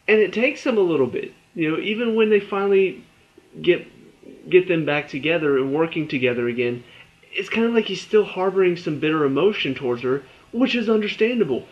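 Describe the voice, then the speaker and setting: A young man with a slightly high voice rants through a casual TV review, exasperated and tripping over his own words. The recording is dull and lo-fi, with the top end muffled. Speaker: TV review vlogger.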